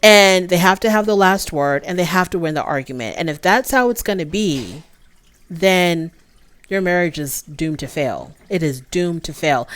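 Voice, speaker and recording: A woman's voice: on the low side, no echo. A woman giving a casual, opinionated recap of a show, chatty and full of fillers. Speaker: show reviewer.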